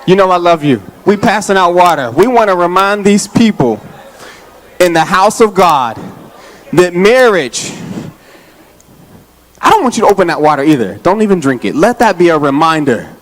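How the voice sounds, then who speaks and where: A man, an associate pastor, preaching a lively sermon to his congregation, casual and joking, out of breath as he talks. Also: high voice, normal speed, pauses often. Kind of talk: lively Father's Day sermon. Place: church sanctuary.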